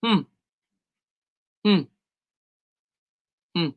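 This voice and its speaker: A man's voice: extremely slow, phone-quality sound. A man answering viewers' chat questions on a casual live stream, rambling and repeating himself as he gives emphatic opinions.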